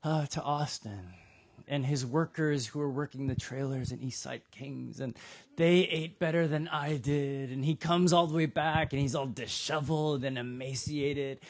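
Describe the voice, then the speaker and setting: A pastor preaching a sermon in a conversational, humorous storytelling manner, speaking to a church in Austin, Texas. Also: male voice, medium pitch, moderate pace.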